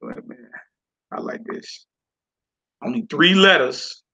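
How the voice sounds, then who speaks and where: A man's voice: on the high side, measured pace, bright, forceful tone, husky. A man teaching a class from a Hebrew textbook, reading passages aloud and explaining them with casual, folksy asides to the listeners.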